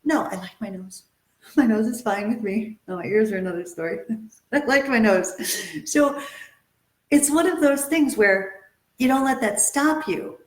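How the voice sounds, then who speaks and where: A woman's voice: a little high, measured pace, echoey room. A woman acting and modeling coach giving an upbeat, motivational webinar talk, stressing and repeating her key points.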